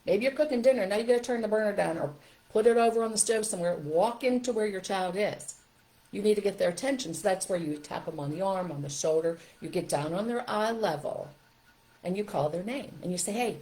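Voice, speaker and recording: Emphatic woman coaching parents, low voice. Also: poor audio. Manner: emphatic, animated, talks straight to parents. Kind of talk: live stream teaching talk.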